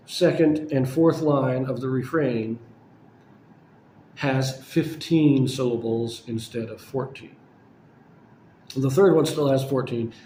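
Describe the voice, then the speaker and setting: Man, casual poetry lecture, mellow tone, self-correcting, roomy echo, faint background hum. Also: medium pitch. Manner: explanatory, with frequent fillers and self-corrections. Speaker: poetry channel host.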